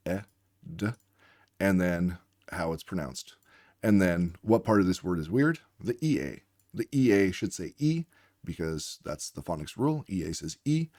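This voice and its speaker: Low-voiced man tutoring reading, dry sound. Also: lively intonation, normal speed, darkish tone, no room sound. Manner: patient, walks through sounds letter by letter. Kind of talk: instructional explainer lesson.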